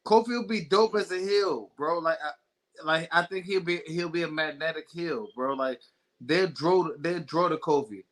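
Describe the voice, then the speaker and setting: A man co-hosting a casual wrestling podcast, excitable and emphatic, repeating himself and laughing as he talks. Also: a little high, moderate pace. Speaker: podcast co-host. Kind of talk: casual wrestling recap chat.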